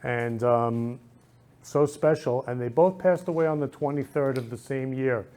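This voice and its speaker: A man's voice: medium pitch, unhurried, mellow. Effusive male talk show host. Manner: effusive, repeats loving phrases. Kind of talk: casual talk show chat. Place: indoor studio or temple room.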